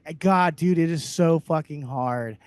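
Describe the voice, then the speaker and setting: A man co-hosting a comedy podcast, ranting loudly and sarcastically with heavy profanity. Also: on the high side, measured pace, clear, resonant tone, no echo. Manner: loud, abrasive, sarcastic. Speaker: podcast co-host.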